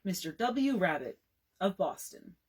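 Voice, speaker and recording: Cocky teasing new england guy, woman doing him in a read-aloud, bouncy husky voice. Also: fairly low pitch, sing-song, unhurried, full character voice. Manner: breezy, teasing, patronizing. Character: brash joking middle-aged man, courting suitor.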